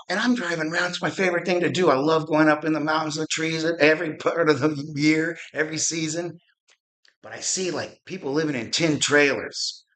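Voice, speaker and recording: High bright ranting man. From Arizona. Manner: ranting, profane, rambling with restarts. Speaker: podcast host. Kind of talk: fired-up political rant.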